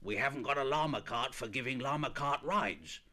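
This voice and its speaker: A man's voice: mid-range voice, normal speed, bright, forceful tone, pitched above the performer's own voice, lightly acted. A man reading a children's story record and voicing a fussy, mildly cross zoo director who dithers and repeats himself. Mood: fussy reproach. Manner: repetitive, dithering, tutting.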